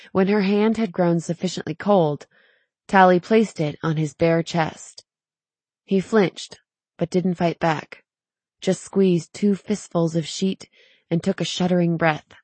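A woman narrating a novel in an even, measured storytelling manner. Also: lowish voice, no room sound. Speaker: audiobook narrator. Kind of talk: scripted narration.

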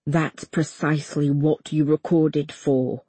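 A cold, commanding army colonel, put on by a woman reading the book, speaks low and slow, almost purring his orders. His quiet voice stays controlled and steady. It sits close and dry with no room around it. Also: slightly rough, dry recording, heavily acted. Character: stern middle-aged male army colonel, cold and commanding.

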